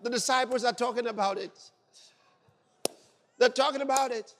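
A man preaching a sermon with exuberant shouted exclamations and dramatic storytelling. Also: very high-pitched, moderate pace, in a large hall.

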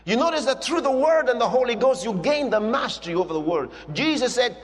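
A man's voice: very high-pitched, lively intonation, a little fast, hardly any pauses. A man preaching a sermon with emphatic, repetitive declarations. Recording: long hall reverb with music.

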